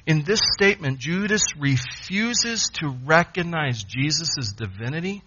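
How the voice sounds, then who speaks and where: Man, preacher, emphatic sermon, slow delivery, lo-fi recording. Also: fairly high pitch, lively intonation, bright, forceful tone, breathy edge. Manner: emphatic, dramatic pauses.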